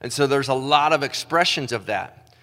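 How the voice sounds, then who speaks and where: Pastor, male, casual self-deprecating sermon delivery, mid pitch, big reverberant hall. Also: moderate pace, bright, forceful tone. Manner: casual, self-deprecating, talks with his hands in filler words. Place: church stage.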